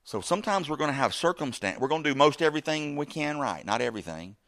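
A middle-aged man preaching a sermon, animated, shifting from loud bursts to quiet asides and acting out the voices in his story. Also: fairly high pitch, fast. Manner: acts out quoted speech in the story.

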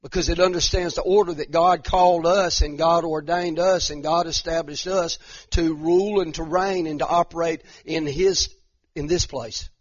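A man's voice: on the high side, steady tone, normal speed, no echo. A middle-aged man, a pastor, preaching in an impassioned conversational way, repeating himself and building to emphatic rises. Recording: dull lo-fi dry sound.

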